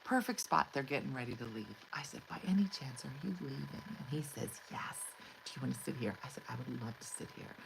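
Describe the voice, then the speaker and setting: A middle-aged woman, a comedian, telling an exasperated, animated story to her livestream audience and acting out the quotes. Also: rumbling low, creaky, a little hiss or hum, poor audio. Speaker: comedian host. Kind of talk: storytelling monologue.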